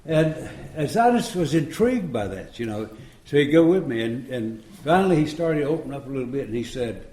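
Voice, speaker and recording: Speaking a little fast with hardly any pauses, this man in his 70s recounts his recovery to a meeting room. His mellow mid-range voice swings widely in pitch as he chuckles and acts out the dialogue, with slight background noise in the roomy live recording.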